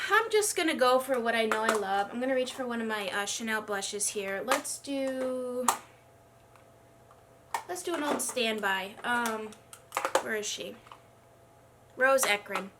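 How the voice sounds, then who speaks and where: A woman's voice: a little high, background noise. A young woman chatting casually while doing her makeup, sounding congested and struggling a little to speak, rambling and poking fun at herself. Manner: chatty, self-deprecating, rambling. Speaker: beauty vlogger. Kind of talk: casual get-ready-with-me chat.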